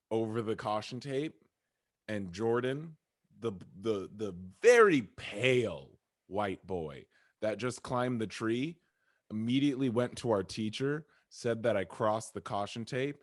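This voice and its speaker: A young man co-hosting a casual podcast chat, telling school stories in an animated, joking way. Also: fairly low pitch, takes it slowly, no room sound, clean studio sound. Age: young adult. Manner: animated storytelling, jokey. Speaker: podcast co-host.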